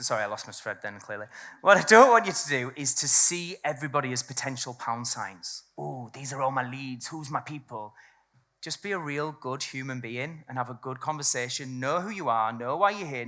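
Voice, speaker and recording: A woman's voice: deep voice, expressive, fairly quick, a bit bright. A woman giving a live business talk to a room, blunt and candid and swearing freely. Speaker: seminar speaker. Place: event room with a live audience.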